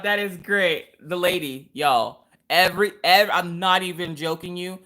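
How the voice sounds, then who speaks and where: A woman hosts a relaxed live craft stream. Her voice sits a little low for a woman. She chats along, greets viewers by name, and laughs often. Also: a little slow. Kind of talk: casual live-stream chat.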